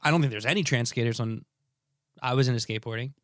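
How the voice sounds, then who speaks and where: A man's voice: mid-range voice, fast talker, fairly bright tone, no echo, clean studio sound. Laid-back man chatting on a podcast. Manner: laid-back, laughs often, trails off mid-sentence. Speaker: podcast co-host. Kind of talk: casual chat.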